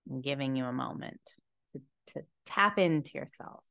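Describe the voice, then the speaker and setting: A young woman with a stuffy cold and low energy, talking to camera in a slow, reflective personal monologue with many fillers, seated indoors in a chair. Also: vocal fry, dry recording, studio quality. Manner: slow, slumped, soft-spoken musing with many fillers. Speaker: podcast host and tarot reader.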